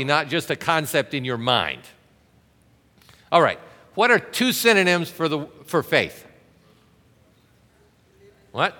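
Male pastor, sermon delivery, emphatic and interactive, bright tone with a long hall reverb. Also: high voice. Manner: emphatic preaching with rhetorical questions and audience interaction.

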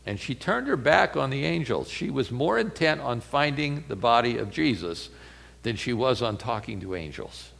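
A man preaching a sermon, retelling a story with lively swings between loud emphasis and hushed lines. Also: mid-range voice, moderate pace, creaky, big-room sound.

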